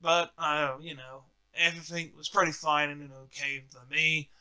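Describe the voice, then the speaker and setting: High, bright-voiced excitable man. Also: normal speed, clean tone. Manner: excitable, thinks aloud, swears when excited. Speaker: wrestling reviewer vlogger. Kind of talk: casual spoken review.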